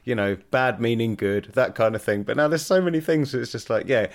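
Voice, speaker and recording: A man's voice: mid-range voice, lively intonation, fairly quick. A man hosting a casual podcast chat, amused and exasperated about slang. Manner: amused, exasperated, laughs often.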